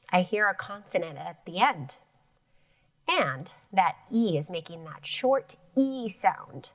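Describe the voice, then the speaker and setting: Woman teacher for a kids' phonics lesson, slow and animated, stretches out sounds, dry room, mic set back. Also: fairly low pitch, no room sound, recorded from a distance.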